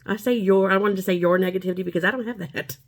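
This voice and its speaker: A woman's voice: mid-range voice, very fast. A woman in her forties talking straight to camera in a casual vlog, chatty and rambling, upbeat and a bit preachy. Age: 40s. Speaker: vlogger.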